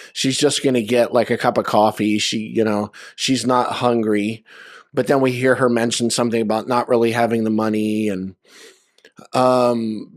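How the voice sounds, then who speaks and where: Guy telling stories on a video call, relaxed everyday voice, dry close sound, lots of likes and ums. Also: mid-range voice, no echo. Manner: conversational, filler-heavy anecdotes. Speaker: memorial speaker. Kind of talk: storytelling at a memorial.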